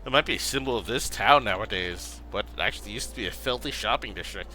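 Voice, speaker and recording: A man's voice: fairly low pitch, expressive, fast talker, pushed and bright, slight background noise. A man voicing a weary, reflective middle-aged ex-gangster, reading game dialogue aloud in a subdued, thoughtful way.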